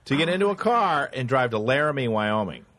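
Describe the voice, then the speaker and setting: Lively male storyteller, mid pitch, playful, throws in character voices mid-anecdote. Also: brisk, no room sound. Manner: animated, acts out voices in his stories, laughs often. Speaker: guest telling stories. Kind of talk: casual storytelling chat.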